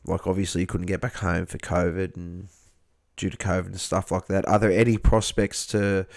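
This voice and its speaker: A man hosting a casual livestream chat, friendly and halting, often repeating words. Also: deep voice, flat delivery, gravelly, no room sound, clean studio sound. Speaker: livestream host.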